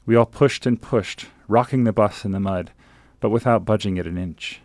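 A man reads an excerpt from his travel memoir as a radio guest. His voice sits very low with a gravelly edge, and he tells the story in an earnest, measured way. The sound is close and dry. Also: fairly even intonation, darkish tone, no echo. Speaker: author guest. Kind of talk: reading his own travel memoir aloud.

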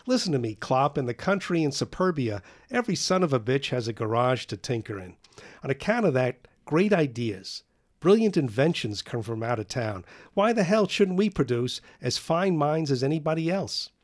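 A man's voice: medium pitch, big pitch swings, normal speed, natural voice. Man doing a cocky kid inventor. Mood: lecturing. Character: clever young teenage boy inventor, cocky.

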